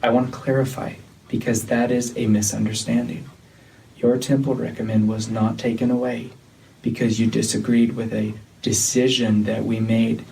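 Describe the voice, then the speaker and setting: A man leading a church disciplinary meeting, talking in a measured, insistent way that often repeats itself. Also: mid-range voice, little pitch movement, gravelly, a little mellow. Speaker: church leader. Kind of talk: tense meeting conversation. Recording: distant mic with faint noise.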